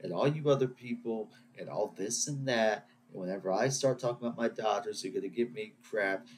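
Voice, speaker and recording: A man's voice: on the low side, brisk, slight background noise. A man hosting his own podcast, ranting and rambling in a self-deprecating way. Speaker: podcast host. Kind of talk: solo rant podcast.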